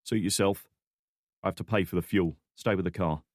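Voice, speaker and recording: A tough North London man, voiced by a male narrator, curt and commanding in short clipped lines. His voice sits low. The recording is dry and close. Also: a little fast, darkish tone, no room sound. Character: tough terse British man on the run. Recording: dry studio audiobook recording.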